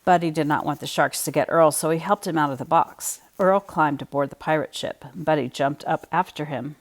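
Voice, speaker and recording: Low-voiced woman reading a children's story. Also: normal speed. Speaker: storybook reader. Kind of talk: reading a children's picture book aloud.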